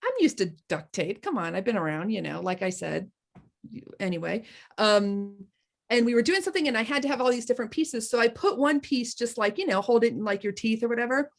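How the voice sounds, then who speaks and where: A woman co-hosting a casual wellness chat, telling animated stories, laughing often and trailing off mid-sentence. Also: fairly high pitch, brisk, vocal fry. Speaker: co-host of a wellness group chat.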